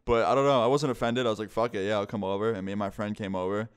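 In a loose, rambling vlog, a young man tells his viewers a story and swears along the way. His voice is slightly low, smooth and clear, with a steady tone and rapid-fire pace. The feel is casual and unpolished.

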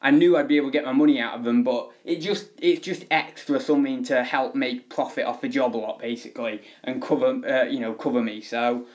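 A man's voice: medium pitch, steady tone, brisk, few pauses, a little mellow. A young man chatting casually on a home live stream, rambling with many fillers.

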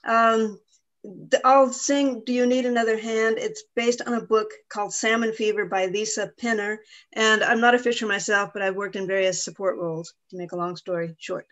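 A woman's voice: mid-range voice, fairly even intonation, fairly bright tone. A woman singer hurriedly introducing her song before she performs it. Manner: hurried, self-effacing intro. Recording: muffled lo-fi sound.

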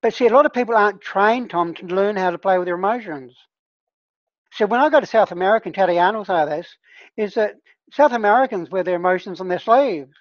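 A woman's voice: mid-range voice, a little fast, no room sound, muffled recording. A woman who trains healers, leading an online discussion group in a casual, earnest teaching tone and often checking in with her listeners.

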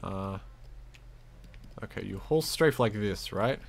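A man's voice: fairly low pitch, animated, slow, creaky. A young man giving giggly, self-mocking live-stream commentary as he plays a game, talking to the screen.

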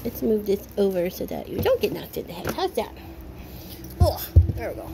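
A woman's voice: medium pitch, sing-song, normal speed, vocal fry. A woman who breeds dogs, talking to her puppies in playful sing-song baby talk, cheering and praising them while she films in an indoor puppy pen. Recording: noisy room with puppies.

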